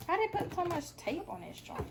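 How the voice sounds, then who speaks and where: A teenage girl opening gifts in a casual home vlog, breaking into loud, repeated excited exclamations. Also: very high voice, normal speed, heavy background noise. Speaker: vlogger.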